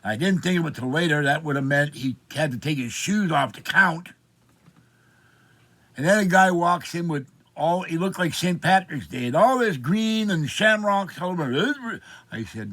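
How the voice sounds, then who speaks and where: A man's voice: on the high side, expressive, moderate pace, fairly bright tone. A man in his seventies from Pittsburgh, telling an indignant, rambling story of complaint in a personal vlog. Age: 70s. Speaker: vlogger.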